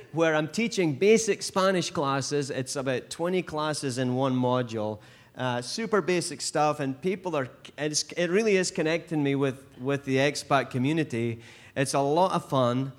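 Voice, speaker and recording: A man's voice: on the high side, moderate pace. Scottish male missionary, casual church report, lots of ums and restarts. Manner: rambling, earnest, with frequent fillers.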